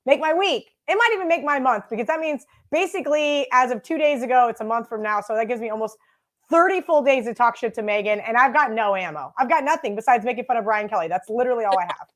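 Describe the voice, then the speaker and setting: A woman's voice: on the high side, lively intonation, fast talker, fairly bright tone. Brash, swearing young woman co-host. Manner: brash, self-mocking, swears freely. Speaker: sports betting show co-host. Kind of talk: casual live sports chat. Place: home studio with green screen.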